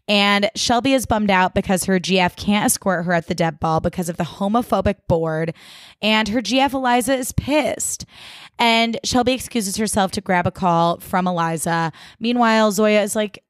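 A woman's voice: mid-range voice, normal speed, no echo, clean studio sound. A woman hosting a podcast, chatting casually through a TV recap with lots of "like" and wry asides. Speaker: podcast host.

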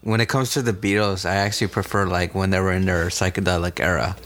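A man's voice: low-pitched, flat delivery, quick pace, fairly bright tone. A man in a casual chat, agreeable and often chiming in with "yeah".

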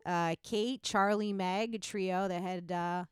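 A woman co-hosting a podcast, telling stories in casual chat and acting out quotes in a higher voice. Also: fairly even intonation, slow pace, clean tone, no room sound, clean studio sound. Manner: chatty storyteller, acts out quotes with a jump in pitch. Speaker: podcast co-host.

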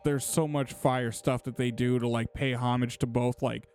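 A man's voice: mid-range voice, steady tone, moderate pace, a little mellow, smooth, faint music behind. A young man co-hosting a casual podcast, laid-back and slangy, with some swearing. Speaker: podcast co-host. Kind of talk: casual chat.

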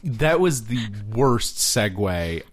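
A man's voice: medium pitch, sing-song, slow pace. A young adult man co-hosting a podcast, chatting casually with a dry, teasing sense of humor. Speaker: podcast co-host. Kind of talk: casual chat.

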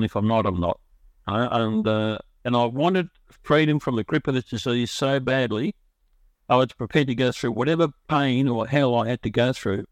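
A man's voice: mid-range voice, no room sound. A middle-aged man with an Australian accent, telling his own recovery story in a rambling, earnest way, often stopping to restart his sentences. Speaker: recovery speaker.

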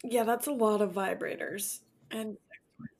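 A woman's voice: mid-range voice, normal speed, vocal fry, a little mellow. A woman co-hosting a podcast in casual chat, chiming in with brief, agreeable replies. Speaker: podcast co-host.

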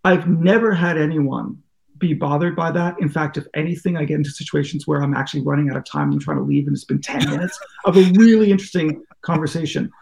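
A man's voice: a little high, expressive, fast, creaky, a little mellow. A man, a journalist and podcast guest, telling rambling, self-deprecating stories in casual interview talk and acting out what people said. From United States. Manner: rambling anecdotes, curious, self-deprecating, acts out quotes.

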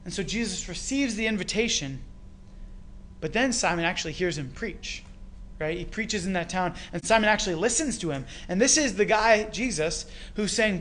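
A Canadian man preaches a sermon in a fairly high voice. He tells the story with animated emphasis and throws rhetorical questions to his listeners. A faint ambient hum sits behind him. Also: moderate pace. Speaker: pastor.

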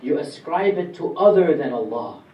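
This lecturer's fairly high, sing-song voice moves at a normal speed through a classroom lesson on Quran commentary. He explains step by step and puts questions to those listening. The audio is dull, with background noise, and recorded distantly in a roomy space with faint ambience.

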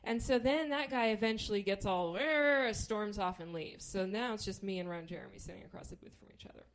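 A stand-up comedian from Kansas tells a story with wry, profane humor, doing voices for the people she quotes. Her mid-range voice moves at a quick pace, with a little background noise.

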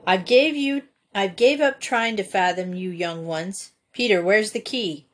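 A woman's voice: medium pitch, unhurried, lightly acted. A woman reading aloud, voicing a teasing grown-up farmer uncle in a dry, amused tone.

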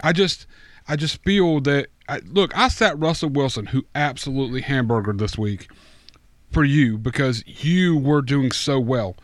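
A man's voice: mid-range voice, measured pace, no echo. Exasperated man on a dry mic. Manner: rambling, exasperated, profane. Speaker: podcast co-host. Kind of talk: casual fantasy football chat.

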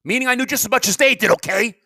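A man's voice: very high voice, rapid-fire, sharp tone, no room sound, clean studio sound. A middle-aged man giving a rambling, confessional podcast monologue. He stammers, repeats his words and speaks bluntly. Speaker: podcast host and comedian.

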